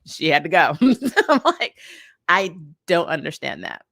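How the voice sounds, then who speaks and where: A woman's voice: on the low side, measured pace, vocal fry, no echo, clean studio sound. Laughing, exasperated woman reviewing TV. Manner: animated, laughing, exasperated asides. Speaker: TV review vlogger. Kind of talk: casual spoken TV review.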